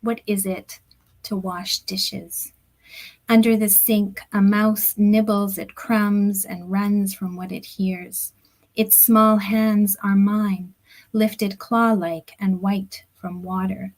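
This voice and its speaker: A middle-aged woman reads her poems aloud, taking her time over each line. Her pitch sits in an ordinary middle range. Now and then a phrase softens almost to a whisper, picked up by a computer mic on a video call. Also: flat delivery, poor audio. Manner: slow, deliberate reading that drops at times into soft, near-whispered phrases. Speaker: poet reading her own work. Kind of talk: poetry reading at a book launch. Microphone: computer or headset mic on a video call.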